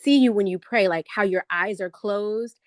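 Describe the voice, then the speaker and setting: A woman's voice: medium pitch, normal speed, no room sound. A woman with a mid-range voice speaks in an affirming way in a casual conversation. She often calls her friend "girl". Her voice sounds dry and close. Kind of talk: casual chat.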